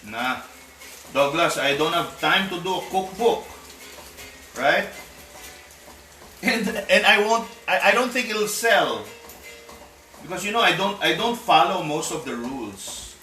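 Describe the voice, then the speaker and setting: A home cook with a Filipino accent chats casually during a live-streamed cooking session, mixing Tagalog words into his English. His high-pitched voice is expressive, bright and forceful, a little slow, with long pauses. He's far from the mic in an echoey room, and faint music plays.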